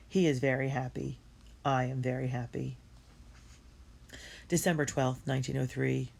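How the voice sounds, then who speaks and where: A woman reading a first-person diary story aloud in an earnest and expressive way. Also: rumbling low, normal speed, vocal fry, long pauses. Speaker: audiobook reader.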